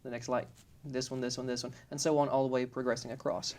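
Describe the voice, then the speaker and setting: A man's voice: mid-range voice, little pitch movement, fast talker, a little mellow. A man in casual conversation, explaining his family's customs with frequent ums and restarts. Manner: hesitant, many ums and restarts.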